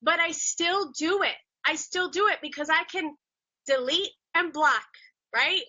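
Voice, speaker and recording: A woman guest on a live social media chat, speaking haltingly with many restarts. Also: extremely high pitch, bright, forceful tone, no room sound, dull audio.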